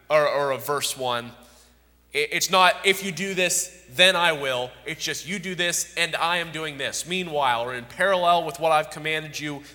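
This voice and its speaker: A man's voice: fairly high pitch, sharp tone, long reverb tail. A man preaching an expository sermon, emphatic and repeating key words for stress.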